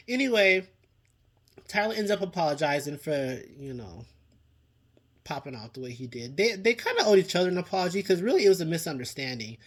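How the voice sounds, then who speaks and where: A man's voice: fairly high pitch, husky. A man giving a chatty TV review in a casual vlog, with dramatic reactions and frequent laughs. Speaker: TV show reviewer.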